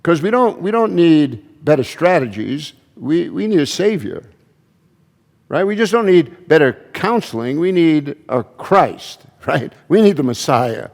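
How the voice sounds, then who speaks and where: A man's voice: on the high side, sing-song, measured pace, creaky, a little mellow, in a large hall. A man preaching a sermon as pastor, in a conversational style with frequent restarts and asides. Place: church.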